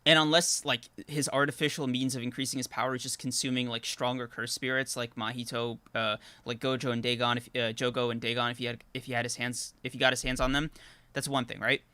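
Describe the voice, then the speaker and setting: A man's voice: mid-range voice, little pitch movement, fast, pushed and bright, smooth, dry recording. A man co-hosting a casual anime podcast stream, laying out his argument step by step and laughing easily. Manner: argumentative, laughs often, hedging fillers. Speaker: podcast co-host.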